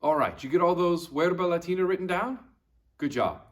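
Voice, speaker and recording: An expressive male Latin teacher records a video lesson aimed at young pupils, his pitch swinging widely as he explains. Patient and slow, he repeats every word, sounding warm and encouraging toward the class.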